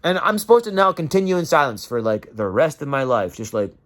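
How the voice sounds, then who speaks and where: A man's voice: fairly high pitch, sing-song, fairly quick, fairly bright tone. A man delivering an emotional, profane rant straight to camera and acting out the voices of the people he quotes. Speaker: vlogger.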